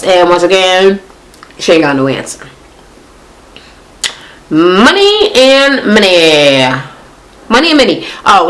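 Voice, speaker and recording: A woman with a lowish voice hosts a casual reality TV recap, speaking bluntly and with plenty of profanity while acting out scenes in quoted voices. The recording quality is low.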